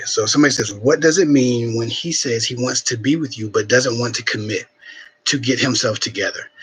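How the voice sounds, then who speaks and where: A man hosting a live Q&A, giving frank dating advice in casual chat, swearing freely and filling pauses with ums, sniffling a bit, streaming from home. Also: mid-range voice, a bit bright, slightly rough, rough recording. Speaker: relationship advice livestream host.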